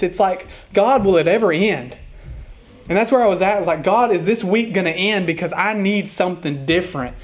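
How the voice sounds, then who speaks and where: Preaching as pastor, a man with a high voice speaks sincerely and candidly about a hard week. At times he slows down to read hymn lines softly.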